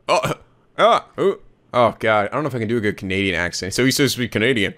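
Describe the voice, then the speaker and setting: A man doing loud, excitable gaming commentary, screaming, swearing and laughing at the game. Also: medium pitch, fast talker, a little hiss or hum. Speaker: let's play commentator. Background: game music.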